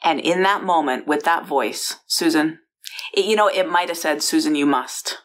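A low-voiced woman from San Francisco tells a personal story straight to the listener. She talks chattily, restarting sentences and adding asides as she goes, recorded in a bedroom. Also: normal speed, a bit bright. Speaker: founder and host.

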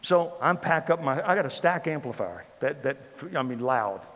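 A man telling a funny personal story from the pulpit in a sermon, animated and comic. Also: medium pitch, normal speed. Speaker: pastor. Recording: reverberant hall with faint ambience.

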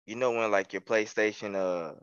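A man's voice: fairly low pitch, steady tone, normal speed, muffled recording, background noise. A man co-hosting a casual podcast, laid-back and slangy, laughing often. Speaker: podcast co-host.

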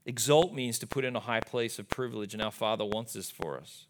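A man's voice: fairly low pitch, a little fast. A male pastor preaching a sermon in a church, emphatic, with frequent rhetorical asides to the congregation. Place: church sanctuary. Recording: live church recording with background noise.

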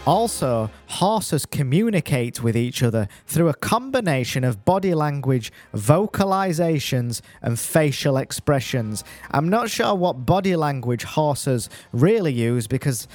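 A man reading a list of facts in a deliberately dry, deadpan voice with wry asides. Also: a little high, faint music behind. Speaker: podcast segment contributor.

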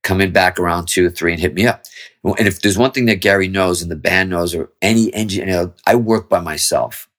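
A man's voice: low voice, a little fast, a bit bright. A man, a musician guest in an interview, telling a long story casually with lots of swearing and restarts. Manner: rambling, profane, with frequent restarts.

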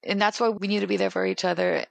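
A young adult woman from California, a guest speaking candidly about her life in an animated, emphatic way, with plenty of "like". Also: mid-range voice, fast talker, creaky, no room sound. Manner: animated and emphatic, heavy use of "like". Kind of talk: candid personal conversation.

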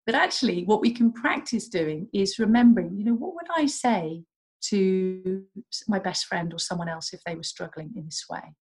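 A woman, a doctor and coach, explaining calmly and gently as a guest in a podcast interview. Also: mid-range voice, moderate pace, breathy edge, low-quality recording.

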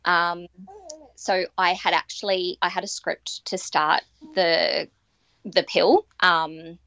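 A woman, telling her personal story as a podcast guest, earnest and halting with many ums and restarts. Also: on the low side, fairly even intonation, sharp tone, no room sound. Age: 30s. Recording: dry, dull lo-fi recording.

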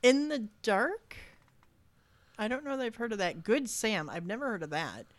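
A woman's voice: a little high, lively intonation, normal speed, no echo. A woman co-hosting a casual chat, easygoing, reading out a list with hesitant fillers. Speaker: podcast co-host.

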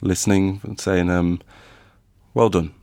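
A man's voice: low-pitched, steady tone, unhurried, a little mellow, no echo. A man hosting a podcast in casual chat, hesitant and full of restarts, with dry teasing humor. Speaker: podcast host.

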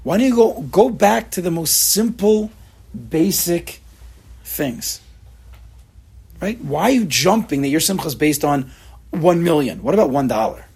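A man in his forties from the New York area, giving a casual Torah lesson with rapid rhetorical questions and frequent restarts. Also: fairly high pitch, lively intonation, darkish tone, husky. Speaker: Torah class teacher.

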